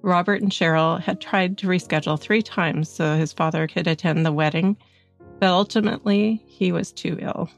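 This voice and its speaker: A woman co-hosts a true-crime podcast, reading her script in a measured, steady manner. Her voice sits a little low and has a gravelly, creaky texture, with faint music underneath. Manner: measured reading, agreeable in chat. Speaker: podcast co-host.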